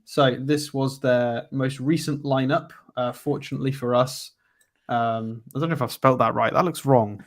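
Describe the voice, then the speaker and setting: A man co-hosting a casual live stream, talking in a relaxed, matter-of-fact way and walking through tactics. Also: medium pitch, moderate pace. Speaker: co-host doing tactics analysis.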